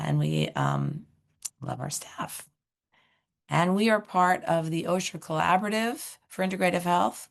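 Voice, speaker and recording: A middle-aged woman with a hoarse voice, hosting a webinar and introducing speakers, halting with many fillers. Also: sits low. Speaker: seminar host, director of education.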